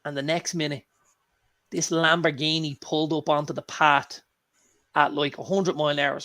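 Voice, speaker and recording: An Irish man co-hosting a casual chat show, telling lively anecdotes and swearing freely. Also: a little high, moderate pace. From Ireland. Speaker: co-host.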